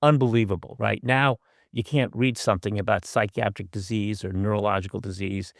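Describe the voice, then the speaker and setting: A man's voice: fairly low pitch, fairly even intonation, brisk, vocal fry, no room sound, clean studio sound. An older man and professor giving a conversational lecture over a video call, with wry asides and frequent fillers. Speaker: guest speaker, professor.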